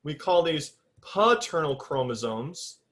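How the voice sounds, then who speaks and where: A male biology teacher gives a recorded classroom lecture while drawing on a board, speaking slowly in a slightly high, fairly bright voice with big pitch swings. He addresses students informally and directly, insists on exact terminology, and counts aloud while he draws.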